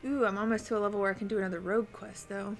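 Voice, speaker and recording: A woman's voice: medium pitch, fairly even intonation, rapid-fire, faint music behind. A woman streaming a video game, chatting casually and thinking aloud as she plays and answers her chat. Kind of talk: casual live-stream commentary while playing.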